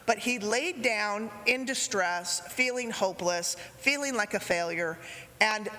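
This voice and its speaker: A woman gives a sermon in a church sanctuary, her voice bright and clear. She tells the story gently and unhurriedly. The sound carries a long reverberant tail from the hall. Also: medium pitch, measured pace. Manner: gentle storytelling with acted quotes. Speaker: preacher.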